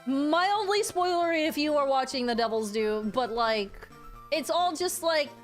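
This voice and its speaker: A woman's voice: high voice, expressive, unhurried, soft background music. A woman streamer chatting casually with her viewers. She gets worked up easily, swears freely and often repeats her phrases.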